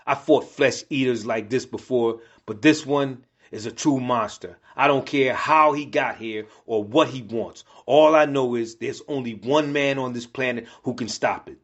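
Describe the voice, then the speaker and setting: A man's voice: medium pitch, measured pace, few pauses, a bit bright, lo-fi sound. A man narrating a comic story in a dramatic storytelling manner, acting out each character.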